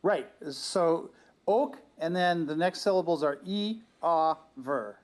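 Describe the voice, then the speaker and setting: A man's voice: on the high side, slow pace. A man in a casual live discussion, explaining his points and thinking aloud. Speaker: discussion co-host.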